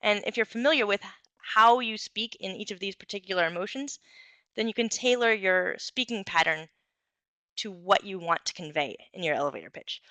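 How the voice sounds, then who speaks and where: A young woman gives an instructional talk, clear and encouraging, with the occasional "um". Her voice is bright and crisp, recorded dry and close. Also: medium pitch, expressive, moderate pace, no echo. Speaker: presenter giving a talk on communication skills.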